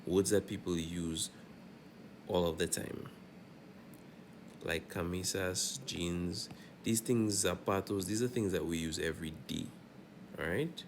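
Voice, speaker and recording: A man's voice: deep voice, unhurried, long pauses, a little hiss or hum. A man teaching a Spanish grammar lesson, going over examples and checking in often with "all right?".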